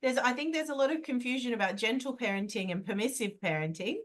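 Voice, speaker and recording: An older woman hosting a parenting podcast, telling stories in an animated, conversational way. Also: fairly high pitch, fast talker. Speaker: podcast host and coach.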